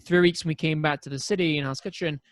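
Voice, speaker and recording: Man, podcast co-host, rambling casual stories, slightly high voice, dry close mic. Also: fast, no echo. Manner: rambling storyteller, animated high-pitched impressions. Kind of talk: casual chat.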